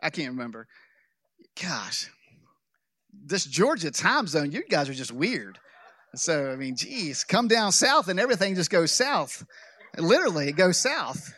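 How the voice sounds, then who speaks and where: A man pastor preaching a sermon, telling a story with jokes and animated delivery. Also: on the high side, a little slow, no room sound. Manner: animated, joking, with restarts.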